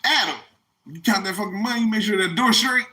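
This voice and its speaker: A man's voice: high voice, fast, voice pushed up. A man playing a brash, joking Jesus who curses and rallies his disciples to debate. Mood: rowdy joking. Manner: rowdy, profane, shouting.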